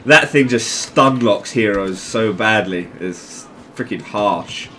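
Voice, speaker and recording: A man giving casual gameplay commentary, excitable and jokey, swearing often. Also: lowish voice, slow, a little hiss or hum. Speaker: gamer.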